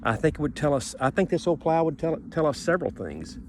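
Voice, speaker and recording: A man's voice: a little high, sing-song, fast talker, a little hiss or hum. A man with a stuffy, sniffling nose giving a rambling, folksy vlog outdoors in a sunny garden yard, filmed on a handheld phone. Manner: folksy, rambling, repeats himself. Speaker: homesteading vlogger.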